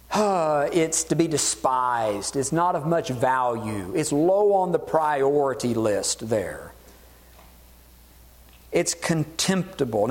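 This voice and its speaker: A man preaching a sermon, animated and acting out voices in the dialogue he quotes. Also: a little high, in a large hall. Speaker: pastor.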